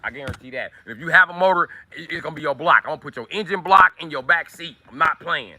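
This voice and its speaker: A man's voice: fairly high pitch, fast, pushed and bright, dry recording. A man hosting a livestream who rants in a profane, combative way in casual talk. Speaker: livestream host.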